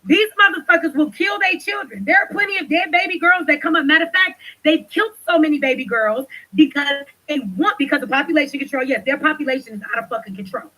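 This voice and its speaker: A woman hosting a livestream, talking loudly and passionately with lots of swearing as she rants and reads chat. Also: high-pitched, fast talker, hardly any pauses, low-quality recording. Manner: loud, passionate, profane ranting. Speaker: livestream host. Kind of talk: livestream commentary.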